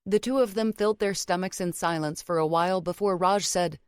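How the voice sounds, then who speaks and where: A woman narrating an audiobook in a measured, even storytelling manner. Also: on the low side, smooth, dry recording, studio quality. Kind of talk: scripted narration.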